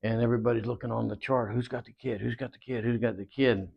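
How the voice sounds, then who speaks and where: A man recounting old stories in a loose, rambling way, full of "uh" and "you know" and bits of quoted dialogue. His voice sits at a mid pitch. The audio is dull and lo-fi. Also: steady tone, fast talker, vocal fry, breathy edge. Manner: rambling anecdotes with many fillers and quoted dialogue. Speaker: guest wrestler. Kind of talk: storytelling interview.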